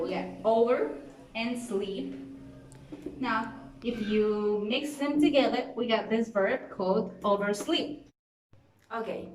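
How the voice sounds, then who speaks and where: A young woman, a native Spanish speaker with a Colombian accent, presents to a class, explaining pronunciation rules casually and encouragingly with fillers, like a relaxed teacher. Her voice is on the high side, and the audio is poor with a roomy sound.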